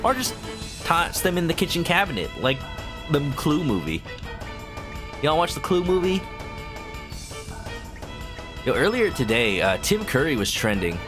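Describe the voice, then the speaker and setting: A man's voice: fairly high pitch, sing-song, unhurried, pauses often, music in the background. A man streaming a game playthrough, joking and riffing on what is happening on screen. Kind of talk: casual playthrough commentary.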